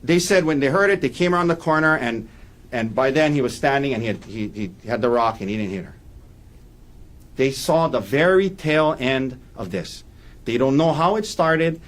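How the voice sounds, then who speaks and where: A man's voice: mid-range voice, lively intonation, normal speed. A man giving a courtroom opening statement as defense attorney, emphatic and repeating key points for weight.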